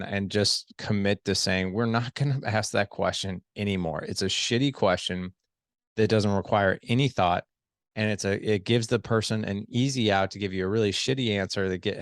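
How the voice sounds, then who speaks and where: A middle-aged man with a low, gravelly voice, talking as a podcast guest. He coaches in a lively, conversational way and slips into acted-out dialogue. The sound is close and dry, with no room around it. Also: no room sound. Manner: animated, acts out quoted dialogue. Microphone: studio headset.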